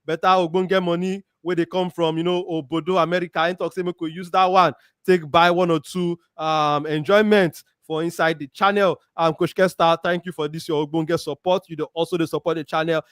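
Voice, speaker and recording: A man from Nigeria, speaking with a Nigerian Pidgin accent, hosts a casual football chat show, reading out viewer comments and giving lively shout-outs. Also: a little high, fairly quick, clear, resonant tone, no room sound, clean studio sound. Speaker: show host. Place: Warri, Nigeria.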